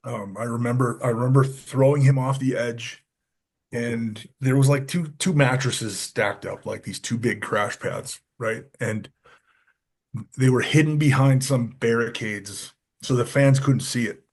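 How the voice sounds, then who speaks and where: A man telling stories on a podcast, often dropping his voice low to act out what others said. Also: unhurried. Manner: animated, acts out quotes with lowered voice. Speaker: podcast guest, former wrestler. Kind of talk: casual storytelling.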